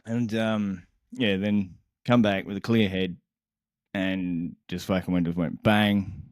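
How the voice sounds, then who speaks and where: A young man on a casual podcast, co-hosting and telling a story in an animated, exasperated way, swearing constantly and laughing mid-sentence. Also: sits low, takes it slowly, clear, resonant tone, no room sound, studio quality. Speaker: podcast co-host.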